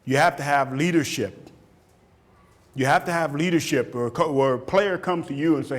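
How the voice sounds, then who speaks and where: A football coach in his fifties gives a motivational talk. His voice sits a touch high and leaps around with great animation, and he keeps restarting and repeating words to drive a point home. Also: moderate pace. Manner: animated, acts out shouted quotes, laughs often. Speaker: football coach speaking at a camp.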